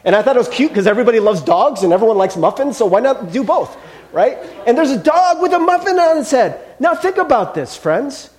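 Animated pastor with a lively high voice. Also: male voice, brisk. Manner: animated, acts out little scenes; asks the listeners questions often. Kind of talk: sermon.

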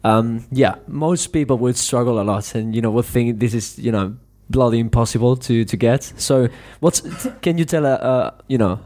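A man's voice: mid-range voice, normal speed, few pauses, dark tone. A male podcast host, a native Spanish speaker talking in English, asking long friendly questions full of fillers. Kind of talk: casual interview.

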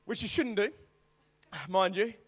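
A young man preaching to a youth group through animated personal stories, acting out voices and now and then bursting into shouts. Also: high-pitched, a little slow. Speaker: youth speaker. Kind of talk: storytelling youth sermon.

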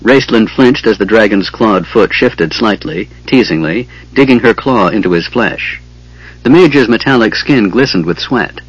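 A man narrates a fantasy audiobook in a measured, dramatic way. His voice is low and husky, and the recording sounds dull and lo-fi. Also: lively intonation, dry recording.

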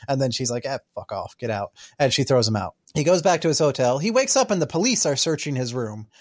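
A man talking through a film's plot on a podcast, rambling and full of fillers. His voice sits at a middling pitch in an easy, casual chat. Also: sing-song, fast talker. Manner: rambling, filler-heavy recap. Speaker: podcast co-host reviewing a film.

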